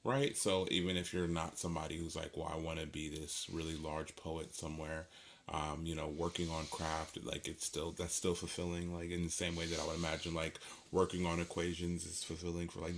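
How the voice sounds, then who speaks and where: A man's voice: sits low, flat delivery, fairly quick, creaky, few pauses, background noise. A man co-hosting a casual poetry talk, rambling with many fillers and restarts and laughing easily. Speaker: podcast co-host. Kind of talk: casual conversation.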